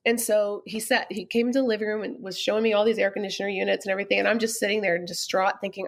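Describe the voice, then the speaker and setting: Woman, middle-aged podcast guest, candid, animated storyteller with a medium pitch. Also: rapid-fire, gravelly, hardly any pauses. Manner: animated, laughs often while telling stories.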